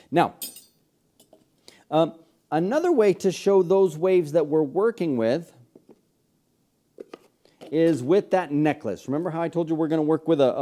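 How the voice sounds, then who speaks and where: A man with an American accent leads a hands-on science lesson for kids. His voice sits a little high but sounds mellow and warm. He talks in a loose, chatty way and keeps checking in with "okay?". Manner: chatty, tags sentences with "okay?". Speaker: science show host.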